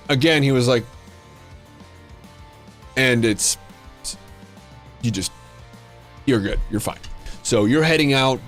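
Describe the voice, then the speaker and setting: A man running a tabletop role-playing game as game master, describing scenes with frequent restarts. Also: medium pitch.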